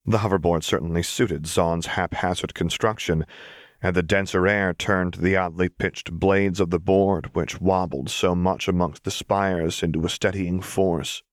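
A man reading a fan-fiction story aloud as narrator, with steady storytelling. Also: deep voice, measured pace, dry recording, clean studio sound. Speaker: audiobook narrator. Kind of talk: scripted narration.

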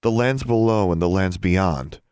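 A man voicing a curious young witch girl who asks quick questions. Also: deep voice, a little mellow, clean tone, no echo, clean studio sound. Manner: inquisitive, rapid questions.

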